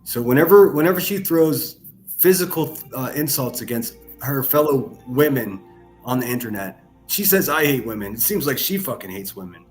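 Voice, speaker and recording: A man's voice: mid-range voice, lively intonation, moderate pace, darkish tone, faint music behind. A man hosting a reaction commentary, mocking and sarcastic, with heavy profanity. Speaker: commentary channel host.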